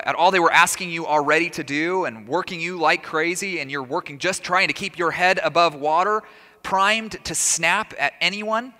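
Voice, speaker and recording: Bright-voiced preacher in a reverberant hall. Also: male voice, fairly high pitch. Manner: conversational, with rhetorical questions and humorous asides. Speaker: pastor. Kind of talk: sermon. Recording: long reverb of a large hall.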